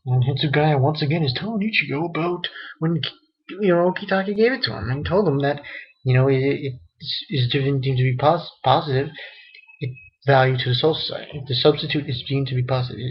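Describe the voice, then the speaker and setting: A young man talks through a manga chapter in a loose, rambling way, swearing freely and laughing as he goes. His voice is husky and sits at a middling pitch. The recording is dull and lo-fi, like a cheap home setup. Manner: rambling, profane, reads quotes aloud with laughs. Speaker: manga reviewer. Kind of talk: casual spoken manga review.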